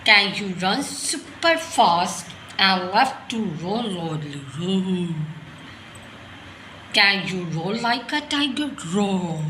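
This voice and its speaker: A woman's voice: mid-range voice, animated, slow pace, sharp tone. A woman teaching animals to small children, in simple sentences with lots of questions. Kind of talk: kids' lesson, talking to toddlers. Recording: echoey room with faint noise.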